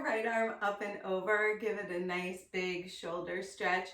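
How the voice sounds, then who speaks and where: A woman teaching a yoga class, calmly and slowly cueing poses and breaths. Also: medium pitch, distant mic. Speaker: yoga instructor. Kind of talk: guided yoga class instruction. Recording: echoey room, voice set back from the mic.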